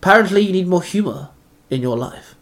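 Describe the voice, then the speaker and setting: A man voicing a scheming male Duke Orc monster who speaks in a slow, drawn-out, lordly way. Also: sits high, expressive, fairly bright tone, pitched above the performer's own voice. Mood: lofty.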